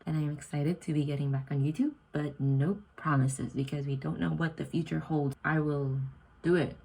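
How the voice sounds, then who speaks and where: A young woman from Indonesia, an exchange student vlogging from her student room at night, talks at normal speed with fairly even intonation, vocal fry and a warm, slightly rough tone. The audio is poor. Chatty and self-deprecating, she acts out quoted lines in a higher voice.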